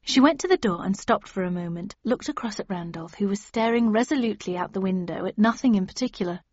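A woman's voice: mid-range voice, animated, fast, darkish tone, breathy edge, no echo, lo-fi sound. A woman narrating a novel, shifting her voice for each character. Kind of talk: audiobook narration.

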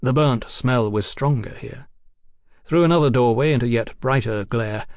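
Dry, measured male audiobook narrator. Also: medium pitch, a little mellow, no echo. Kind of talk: scripted narration of a novel.

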